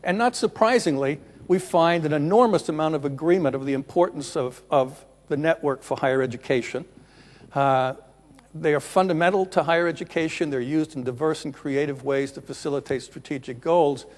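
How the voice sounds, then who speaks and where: A middle-aged man giving a conference presentation, unhurried, often pausing to rephrase. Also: on the high side. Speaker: conference keynote speaker. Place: large conference room. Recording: reverberant conference hall.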